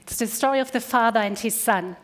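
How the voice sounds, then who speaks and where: A woman pastor preaching a sermon in church, earnest, slowing down to stress key words. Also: a little high. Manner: earnest, slows down for emphasis. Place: church service.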